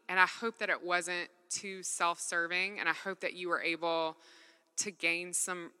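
A woman with a lowish, pushed, bright voice that sounds clear and resonant gives an earnest personal testimony from the stage at a faith gathering. Her talk is conversational and full of casual "like" fillers, and the large hall adds a long reverb.

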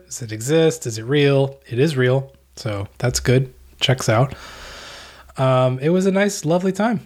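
A man in easy podcast chat, drifting through a story and dropping dry, deadpan jokes. His voice sits at a middle pitch, relaxed and unhurried. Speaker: podcast co-host. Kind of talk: casual chat.

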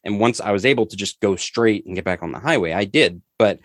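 A man's voice: on the low side, quick pace, no room sound, studio quality. A man co-hosting a podcast, telling a long rambling story in casual chat and laughing as he goes. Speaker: podcast co-host.

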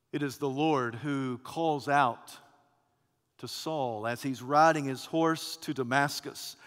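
A man with a high voice delivers a sermon, moving from loud passages to near-hushed ones. His words ring out with a long reverb that fills the church hall. The delivery is dramatic and storytelling. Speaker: pastor. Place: church sanctuary.

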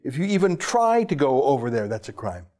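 A man gives a scornful political commentary, his pitch swinging high and low as he mocks and stresses his points. His delivery is emphatic and sarcastic throughout. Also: big pitch swings, fairly quick, mellow. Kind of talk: opinionated news commentary.

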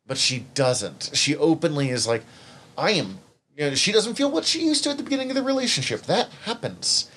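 A man's voice: fairly high pitch, a bit bright, slight background noise. A man co-hosting a podcast, chatting casually and candidly about a TV show, often rambling and emotional. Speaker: podcast co-host. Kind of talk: casual chat.

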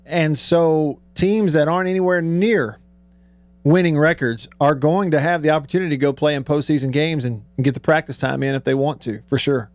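A man's voice: a little high, fairly quick, dry recording. A man hosting a radio show, talking casually, joking and telling stories at a studio mic. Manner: chatty, joking storyteller. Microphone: studio microphone.

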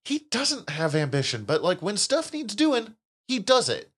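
Male podcast co-host, lively swooping delivery, quick to laugh, swears casually. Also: high-pitched, husky.

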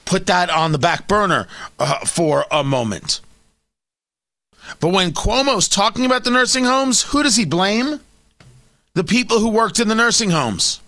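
A man's voice: high voice, a little slow, dry recording. A man hosting a talk radio show, delivering an opinionated monologue with sarcasm and mockery. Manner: sarcastic, animated, mocking.

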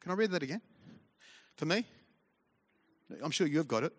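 A man's voice: a little high, lively intonation, moderate pace, slightly rough. A man, preaching a conversational sermon full of storytelling asides and humor. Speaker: pastor.

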